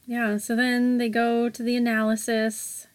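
A woman's voice: a little high, flat delivery, measured pace. A woman co-hosting a podcast in casual chat, talking loosely with many fillers and a playful tone. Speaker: podcast co-host.

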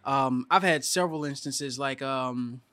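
Bright-voiced man in emotional chat. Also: medium pitch, unhurried. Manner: emotional, laughing, slangy. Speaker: podcast co-host, father of two daughters. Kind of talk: casual chat.

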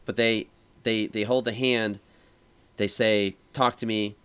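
A man's voice: on the low side, steady tone, a little slow, a bit bright, clean tone. A man hosting a casual podcast chat, rambling through a story with lots of fillers and restarts. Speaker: podcast host.

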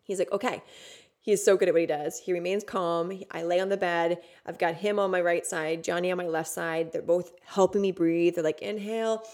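A woman's voice: fairly low pitch, little pitch movement, fairly quick, few pauses, a little mellow. Candid, profane woman telling a story. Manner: candid, profane, emotional retelling. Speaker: podcast host. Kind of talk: personal storytelling.

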